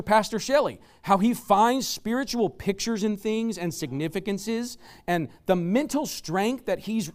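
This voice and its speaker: Male preacher, high and animated delivery, emphatic sermon with slow scripture readings. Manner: emphatic, reads scripture slowly and deliberately; lists examples in rising, enthusiastic bursts.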